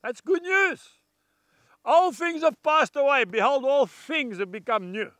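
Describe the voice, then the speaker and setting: Bright, high-voiced preacher man. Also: unhurried, dry recording, clean studio sound. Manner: earnest, folksy, emphatic, addresses viewers directly. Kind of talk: televised gospel message to viewers.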